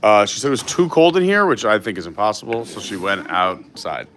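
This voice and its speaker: A man's voice: lowish voice, lively intonation, brisk, a bit bright, a little hiss or hum. Chatty man hosting a live stream. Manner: chatty, upbeat, greets viewers. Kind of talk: casual live stream chat. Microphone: gimbal camera.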